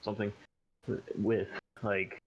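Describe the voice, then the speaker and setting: A laid-back man co-hosting a casual podcast, talking in a matter-of-fact way. His voice sits low, and the lo-fi recording sounds muffled with a faint hiss behind it. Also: level tone, unhurried. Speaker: podcast co-host. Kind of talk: casual chat. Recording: dull lo-fi mic with faint noise.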